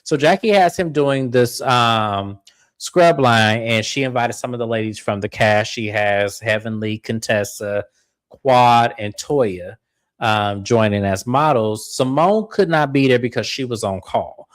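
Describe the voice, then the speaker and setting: A man hosts a loose, frank recap, swearing freely and playing out each quote by leaping up in pitch. His voice sits in an ordinary middle register and sounds dry and close to the mic. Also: unhurried, no echo. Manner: animated, acts out quotes with big pitch jumps. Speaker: show recap host. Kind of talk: casual reality TV recap.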